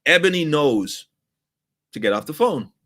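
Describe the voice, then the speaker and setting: Bright, emphatic middle-aged man teaching. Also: fairly high pitch, very animated, measured pace. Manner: exasperated, laughing, emphatic. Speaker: customer service teacher. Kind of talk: animated storytelling lesson.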